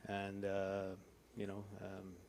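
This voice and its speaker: A man's voice: low-pitched, monotone, takes it slowly, a little mellow. A man from Canada, a band member chatting in an easygoing, rambling way during an interview. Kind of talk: casual chat in an interview.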